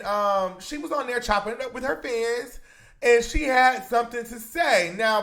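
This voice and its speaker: A man hosts a celebrity gossip commentary video, talking straight to his viewers. He is chatty and emphatic and keeps calling them "y'all." His voice sits high for a man. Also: pushed and bright. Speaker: commentary YouTuber.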